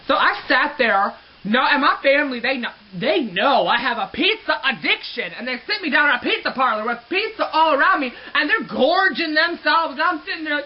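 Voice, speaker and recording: A man with a high, girlish voice telling a personal story to camera in a playful, dramatic, sassy way. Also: expressive, a little fast, lo-fi sound. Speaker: vlogger.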